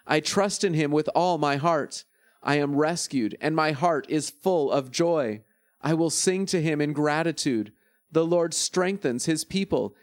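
Man reading scripture, slightly high voice. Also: no echo, studio quality. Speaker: scripture reader.

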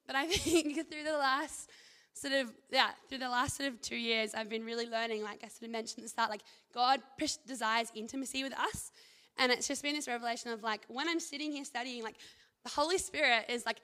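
Her voice sits high. She's a young Christian university student delivering an informal devotional, full of enthusiasm that comes out in rapid, animated bursts.

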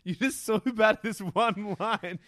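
A man's voice: high-pitched, unhurried, a bit bright, no room sound. A young man co-hosting a podcast, rambling loosely through a TV recap, laughing and swearing. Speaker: podcast co-host. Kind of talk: casual chat recapping a TV episode.

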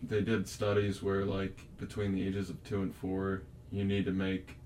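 A blunt man with a fairly low voice, chatting casually and swearing freely. A faint low rumble sits behind him. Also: monotone, normal speed, a little mellow. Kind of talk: casual chat.

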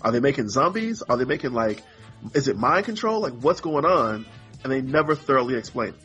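A podcast co-host chats casually in a medium-pitched, fairly bright voice, talking briskly and with lots of animation. He rambles and sounds exasperated, putting on mock voices to act out characters, with faint music in the background.

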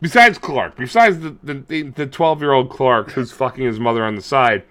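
A man co-hosting a podcast, retelling a movie in crude, rambling, animated casual chat. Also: medium pitch, moderate pace. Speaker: podcast co-host.

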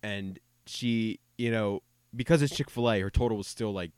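A man's voice: lowish voice, moderate pace, darkish tone, clear, resonant tone, no echo, studio quality. A young man, a podcast co-host, telling a casual anecdote in a rambling way and often repeating words. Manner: rambling, self-interrupting, frequent repeated words.

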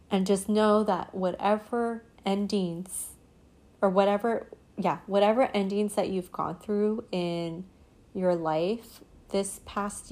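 A woman's voice: medium pitch, a little mellow. A woman hosting her own podcast, talking earnestly and meandering, full of "you know" and "like". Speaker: podcast host. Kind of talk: casual reflective solo podcast talk.

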